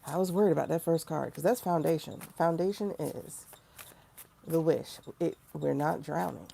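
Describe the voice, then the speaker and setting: A woman hosting a casual livestream tarot reading, chatty and animated, with sudden mocking asides to her viewers. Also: sits low, moderate pace, vocal fry, a little hiss or hum. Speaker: tarot reader and livestream host.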